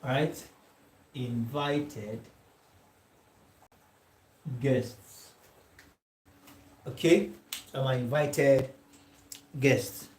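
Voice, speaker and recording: Slow, dictating male tutor in an echoey room. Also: medium pitch, fairly even intonation, darkish tone. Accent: Nigerian English. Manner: slow and dictating, checks in with "all right?" after nearly every phrase; repeats example sentences word by word for note-taking. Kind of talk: classroom lecture.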